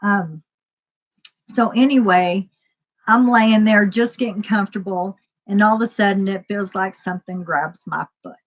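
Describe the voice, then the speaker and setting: A woman's voice: mid-range voice, low-quality recording. A woman casually telling a personal story, rambling, with lots of fillers and acted-out dialogue.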